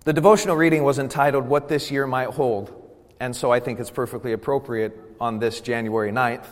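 Man preaching in a reverberant sanctuary. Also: mid-range voice. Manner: builds from calm reading to loud, emphatic preaching; drawn-out, deliberate emphasis on key words. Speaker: pastor. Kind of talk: sermon.

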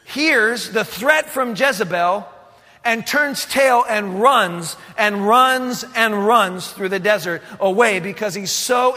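A male pastor tells a Bible story from the pulpit with animated drama and plenty of restarts. His voice sits high and sounds bright and forceful. A long hall reverb trails behind him in the church sanctuary. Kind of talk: sermon storytelling.

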